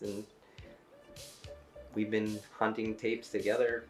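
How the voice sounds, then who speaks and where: A man's voice: a little high, lively intonation, a little slow, a bit bright, soft background music. A man in an interview, telling a shared story in a friendly way, often laughing. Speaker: interviewee, tape collector. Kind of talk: casual storytelling. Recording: roomy echo.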